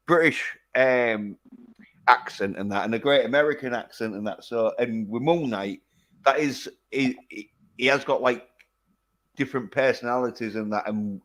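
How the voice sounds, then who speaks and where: A man's voice: mid-range voice, a bit bright. A man in casual livestream chat, rambling and swearing, stopping often to search for words. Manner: rambling, profane, halting with many fillers.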